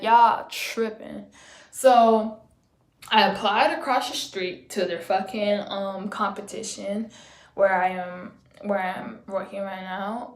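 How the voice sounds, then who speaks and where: A young woman with a low, laid-back voice, telling a blunt, slangy, swearing story about quitting her job in a casual vlog. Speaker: vlogger. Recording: roomy echo.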